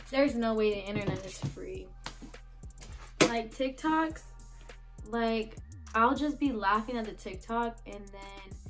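A young woman hosting a casual solo podcast, recorded on her phone, giggling and swearing as she reads memes aloud. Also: mid-range voice. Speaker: podcast host.

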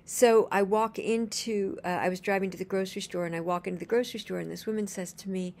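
A woman's voice: medium pitch, steady tone, quick pace, gravelly, a little mellow. A woman telling a personal story in a casual, earnest and gushing way, chaining events with "and then" as she rambles along.

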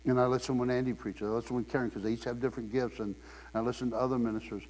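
Animated male preacher in echoey church. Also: mid-range voice, rapid-fire. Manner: animated storyteller, acts out quotes in raised voice. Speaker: guest preacher. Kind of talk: sermon with humorous stories. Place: church sanctuary. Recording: long hall reverb, mains hum.

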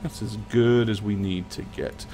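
A man's voice: on the low side, steady tone, a little slow, warm tone, soft background music. A man narrating as game master of a tabletop game, with rambling, filler-heavy speech.

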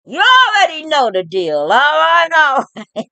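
A woman delivers a profane monologue to her viewers in a bright, high voice. She takes it slow, taunting and preaching and checking in with "all right?". The sound is dry and close. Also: huge pitch swings, vocal fry, no room sound. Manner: taunting, preachy, often breaks into laughter; repeats "all right?" to address listeners. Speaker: online commentator.

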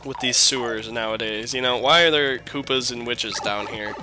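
A man's voice: mid-range voice, moderate pace, over music. A young man giving casual, rambling gameplay commentary, joking and swearing. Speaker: let's play host.

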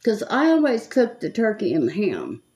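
A woman in her seventies does her makeup on camera as a makeup vlogger, casually chatting with viewers and muttering to herself as she goes. Her voice is medium in pitch and a little mellow, with wildly swooping intonation and a moderate pace.

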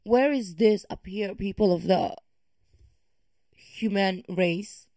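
Woman reaction creator, emphatic ranter, mellow voice, dry sound. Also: medium pitch, slow pace, no room sound. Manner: ranting, emphatic and exasperated. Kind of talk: casual reaction commentary.

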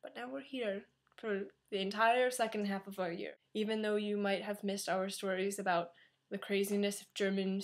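Chatty American teenage girl vlogging. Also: medium pitch. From New York, USA. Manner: chatty, self-deprecating, rambling asides. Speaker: vlogger, exchange student. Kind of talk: casual talking-to-camera vlog. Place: home, indoors. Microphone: computer webcam.

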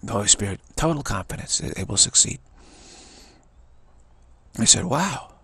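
A man's voice: lowish voice, animated, moderate pace, creaky, bright, forceful tone, breathy edge, dry recording. A man giving an earnest spiritual talk, telling a story and repeating phrases for emphasis. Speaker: spiritual teacher.

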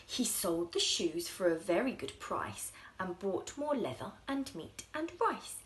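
A woman reading a children's story aloud in an expressive, sing-song way, dropping into soft whispers at times. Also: mid-range voice, unhurried, few pauses, a little hiss or hum.

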